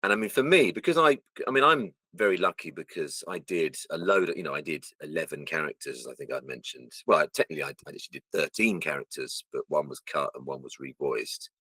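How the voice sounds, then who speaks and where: A very deep, slightly rough male voice, a voice actor appearing as a guest, chats casually in an interview about his work. He's an animated storyteller who talks quickly with hardly any pauses and acts out lines as he goes. The recording is close and dry, with no echo.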